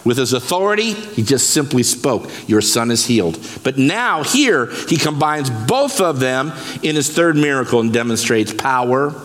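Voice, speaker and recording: A man pastor preaching a sermon, lively and emphatic, breaking scripture down word by word. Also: medium pitch, normal speed, few pauses. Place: church sanctuary. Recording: long reverb of a church hall.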